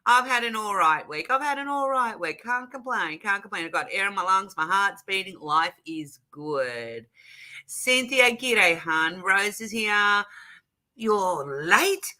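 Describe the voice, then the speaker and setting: A woman's voice: medium pitch, bright, forceful tone. An Australian woman hosting a casual craft livestream from her home craft room, chatting and greeting viewers one by one. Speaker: livestream host.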